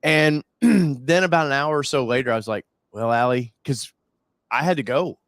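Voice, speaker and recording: A man hosting a live talk show, chatting casually in a rambling, excitable way with frequent restarts. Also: fairly high pitch, normal speed, dry recording. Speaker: show host. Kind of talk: casual chat.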